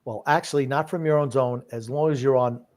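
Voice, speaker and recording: A man's voice: mid-range voice, fairly even intonation, brisk, darkish tone. An older man co-hosting a casual podcast, teasing his co-hosts and reading viewer comments aloud. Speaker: co-host reading chat comments.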